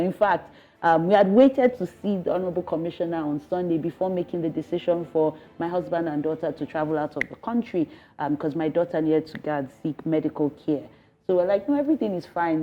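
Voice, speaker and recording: A woman in her thirties with a Nigerian English accent, giving an emotional, earnest news interview, halting and pleading at times. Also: on the low side. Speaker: interviewed resident. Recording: slightly dull broadcast audio with faint music.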